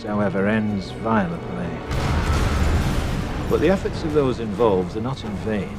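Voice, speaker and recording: An actor voicing a grave male narrator in a film who tells of a conspiracy in a measured, ominous way. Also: lowish voice, close to an everyday voice. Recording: film soundtrack with loud music.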